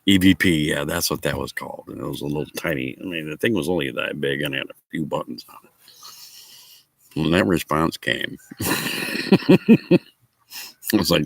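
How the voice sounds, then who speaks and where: A man's voice: a bass voice, normal speed, creaky, long pauses, breathy edge, no room sound, rough recording. A man chatting casually with viewers outdoors at a picnic table, telling a rambling story and chuckling often. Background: faint outdoor ambience, dogs nearby.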